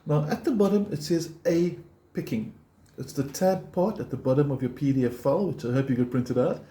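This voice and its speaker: A man with a voice on the high side talks fairly quickly as he teaches a guitar lesson. He patiently and encouragingly explains picking step by step, counting beats aloud, in a roomy recording with loud guitar playing.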